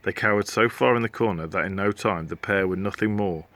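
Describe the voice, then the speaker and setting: A man's voice: lowish voice, fairly quick, a bit bright, no room sound. A man reading a children's storybook aloud as a teacher, playful, acting out sound effects and joking with his listeners.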